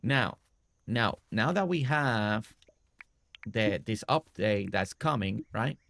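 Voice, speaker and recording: A man's voice: on the low side, lively intonation, takes it slowly, vocal fry, fairly bright tone. A man streaming a game, casually talking through a building tutorial step by step and often checking in with "right?".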